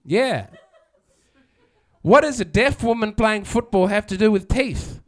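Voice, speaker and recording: A man's voice: high voice, lively intonation, measured pace. A man doing a sardonic stand-up set, chatting with the crowd and acting out quotes. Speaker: stand-up comedian. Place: comedy venue with live audience.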